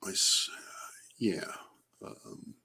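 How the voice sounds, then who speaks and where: A man's voice: extremely slow, bright, forceful tone, in a whisper. A man on a casual late-night livestream from home, rambling and hesitant with lots of fillers, chatting to viewers by name.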